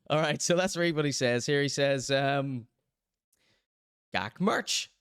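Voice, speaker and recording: A man's voice: fairly high pitch, a little slow, clean tone, no echo, clean studio sound. A man hosting his own online show, plugging t-shirts in a joking, rambling, self-mocking way. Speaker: show host.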